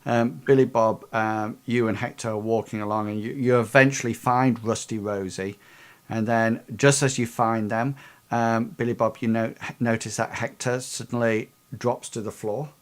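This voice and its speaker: Halting male game master. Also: mid-range voice, fairly even intonation. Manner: halting, many ums, drawn-out narration. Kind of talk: narrating a tabletop game.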